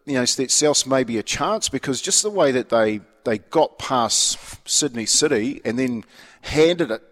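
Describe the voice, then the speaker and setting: Co-hosting a radio program, a man with a New Zealand accent rambles matily about sport, relaxed and restarting his sentences often. His medium-pitched voice is animated and a bit bright at a measured pace, heard in a large hall.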